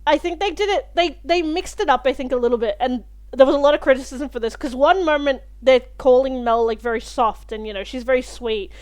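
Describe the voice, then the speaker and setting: A young woman hosting a reaction video, talking through an episode in a chatty, animated way and swearing freely. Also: sits high, brisk. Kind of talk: casual spoken review of a TV episode.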